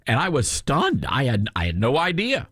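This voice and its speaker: A man's voice: mid-range voice, huge pitch swings, normal speed, fairly bright tone, no echo. A male talk radio host with a Southern US accent, telling a rambling story full of fillers and restarts into a studio microphone.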